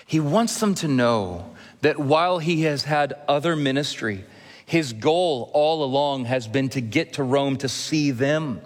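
A man's voice: medium pitch, animated. Male pastor preaching in a reverberant hall. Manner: earnest, gently humorous preaching with emphatic pauses. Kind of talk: sermon. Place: church sanctuary. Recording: long reverb of a church hall.

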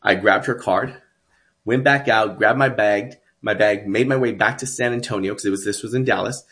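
A man's voice: lowish voice, moderate pace, a bit bright. A man from Texas telling his life story as a guest, earnest and emphatic. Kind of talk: personal storytelling.

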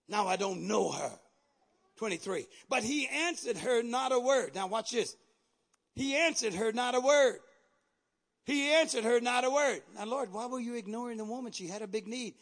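A male pastor preaching a sermon with fiery energy, shouting at the peaks and dropping in repeated amens. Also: very high voice, animated, normal speed.

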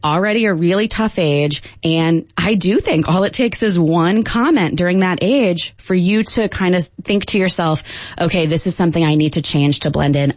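Low-voiced woman linguistics professor. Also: darkish tone, no room sound. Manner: explanatory, measured, with frequent ums. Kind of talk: radio interview answers.

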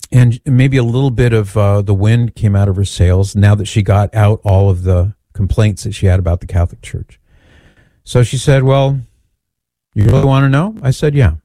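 A man's voice: lowish voice, warm tone, no echo, clean studio sound. A man speaking at a Christian event who tells a personal story in a conversational, candid way and pokes fun at himself. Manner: conversational, candid and self-deprecating. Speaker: Catholic speaker and author. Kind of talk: storytelling talk.

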